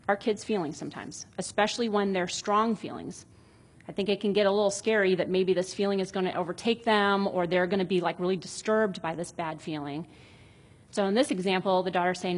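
A woman in her thirties talks through parenting advice in a relaxed, explanatory way. Her voice is husky with a breathy edge, and her pitch sits in a middle range for a woman. She often reads short example dialogues aloud in a reflective, conversational tone. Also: fairly quick. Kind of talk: casual explanatory talk on parenting.

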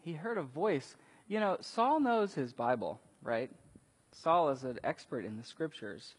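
Animated preacher in an echoing hall. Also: male voice, on the high side, measured pace, breathy edge. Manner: animated storytelling, acts out quotes with big swings in loudness. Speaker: pastor. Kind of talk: sermon. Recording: long reverb of a large hall.

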